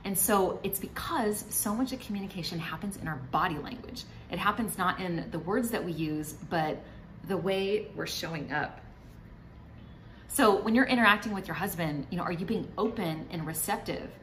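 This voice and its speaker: In a direct-to-camera advice video, a middle-aged woman shares encouraging, chatty marriage tips and now and then plays out a spouse's lines. Her voice is lowish and a bit bright at a moderate pace, and the low-quality recording carries a little hiss or hum.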